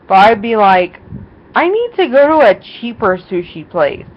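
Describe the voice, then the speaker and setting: A woman's voice: on the high side, sing-song, measured pace. A young woman vlogging casually, rambling through a story with lots of fillers and quoted voices. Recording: dull lo-fi sound with faint noise.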